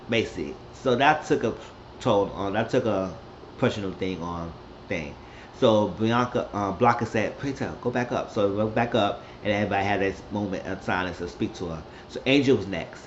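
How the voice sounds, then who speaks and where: A man recapping a TV episode in a loose, rambling way, jumping into characters' lines with a raised, lively voice. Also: highs cut off, a little hiss or hum. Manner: rambling, acts out quotes with raised pitch. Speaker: recap host.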